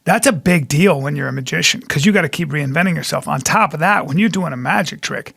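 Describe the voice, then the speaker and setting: A man with a fairly high, gravelly voice tells stories on a podcast. He is animated and gets loud at the punchlines. The sound is dry and close. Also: fast, no room sound. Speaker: guest comedian. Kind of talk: casual podcast chat.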